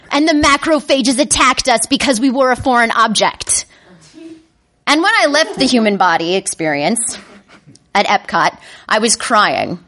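Woman doing a funny story for a crowd, kinda high voice, self-mocking, jumps into panicky bits. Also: fairly bright tone, a little hiss or hum. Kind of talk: comedic personal storytelling to a live audience.

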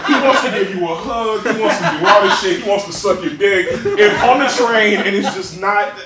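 A man's voice: high-pitched, normal speed, over a noisy crowd. A young man telling a profane, self-mocking comic story to a live audience. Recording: echoey room with clear noise.

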